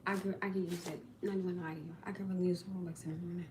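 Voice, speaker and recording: A woman's voice: on the low side, level tone, very fast, a little mellow, slight background noise. A woman casually chatting to viewers on a livestream, talking in an exasperated, chatty way to the people watching.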